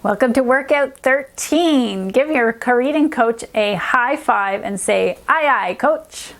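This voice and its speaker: A woman with a fairly high voice teaches young children to read. She breaks words into single sounds slowly and clearly, like a patient reading specialist. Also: faint music behind. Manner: clear, slow sound-by-sound modeling of letter sounds. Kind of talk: children's phonics lesson.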